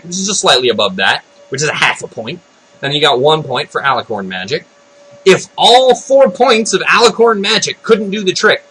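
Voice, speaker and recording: Excitable high-voiced man ranting. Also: breathy edge, poor audio. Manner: excitable, breathless retelling with exclamations. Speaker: video blogger. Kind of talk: unscripted ranting commentary.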